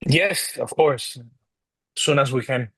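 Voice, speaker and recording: A man's voice: medium pitch, slow, a bit bright, breathy edge, heavily acted. An actor playing a father who jokes with his family but urges them to be careful. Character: joking father, cautious head of family.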